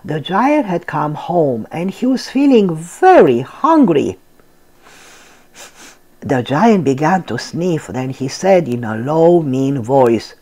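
An older woman hosting a storytime channel, reading a picture book aloud to children in a gentle, expressive way. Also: low voice, takes it slowly.

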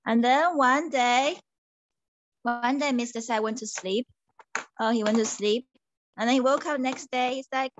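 A woman teacher telling a children's story in an animated, sing-song way, switching between English and Mandarin. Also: sits high, unhurried, slight background noise.

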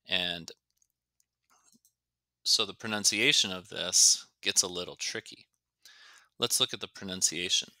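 A man's voice: low voice, gravelly, bright, forceful tone, dry recording. A man teaching an English lesson, explaining grammar and carefully stretching out words to show their pronunciation. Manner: slow, careful, demonstrates words by stretching them out.

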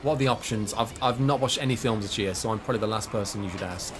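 A man's voice: on the low side, fast, background noise. Casual streamer man. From West Midlands, England. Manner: casual and self-deprecating, reading chat between bursts of game reactions. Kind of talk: live gameplay stream, chatting with viewers.

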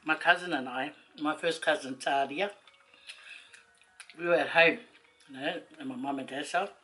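A woman, a vlogger telling a rambling personal story to camera, chatty and quick to laugh. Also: deep voice, pushed and bright, faint music behind, rough recording.

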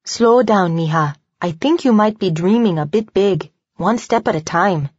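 A woman narrator voicing a patient young mother who talks softly and reassuringly. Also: medium pitch, lively intonation, normal speed, slightly rough, dry recording, dull audio. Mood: gentle.

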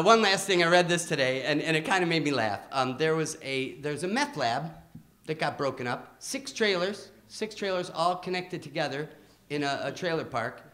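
A man from Detroit, hosting a talk show with a stand-up monologue, telling self-mocking stories in an excitable way, tripping over his restarts. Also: a little high. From Detroit, Michigan. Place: comedy club stage before a live audience. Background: faint audience laughter.

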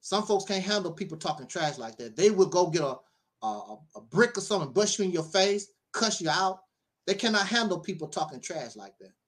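Brisk and high-voiced, a middle-aged man who serves as a minister tells stories in a casual monologue. He is lively in the telling, laughs a lot and keeps adding preachy asides.

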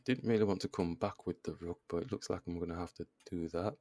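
A man's voice: deep voice, quick pace, a little mellow, no echo, studio quality. A man giving casual chess commentary, thinking aloud move by move and groaning at his own mistakes. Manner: self-deprecating, groans at his own blunders. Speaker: chess video creator.

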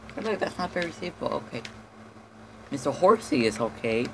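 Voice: mid-range voice, very animated, a little fast, background noise. A gamer giving casual, jumpy commentary on his own play, with lots of swearing, panicked yelps and idle humming. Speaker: lets-play host.

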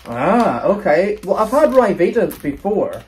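A man's voice: high-pitched, a little slow. A man in casual chat, tasting snacks and reading labels aloud in a chatty way. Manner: chatty, lively, reads labels aloud while chewing.

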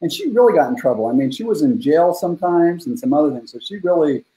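A man's voice: on the high side, expressive, fast talker, warm tone. A man in his fifties, a guest coach on a podcast, telling a personal family story in a heartfelt, earnest way with frequent fillers. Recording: roomy echoey room.

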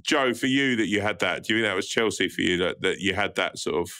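A man's voice: low-pitched, fast, pushed and bright. A man co-hosting a podcast, asking loose, casual questions and laughing a lot. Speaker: podcast co-host.

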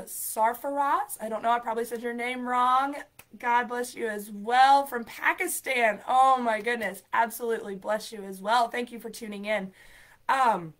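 A woman's voice: on the high side, a bit bright. Upbeat, encouraging woman teaching live. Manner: talks straight to viewers, reads out comments. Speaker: ESL program coordinator. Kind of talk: live-streamed lesson.

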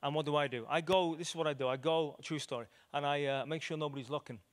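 Speaking fast in a steady tone, this man's voice sits fairly high. He's an evangelist from Liverpool, England, delivering a story-driven sermon to a room full of people at a church meeting room and animatedly voicing the characters' dialogue.

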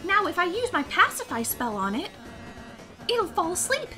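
A woman voicing a shy, gentle young male goat-like creature, reading his lines in a sweet, hesitant, encouraging way. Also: extremely high pitch, very animated, normal speed, soft background music, heavily acted. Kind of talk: reading game dialogue aloud.

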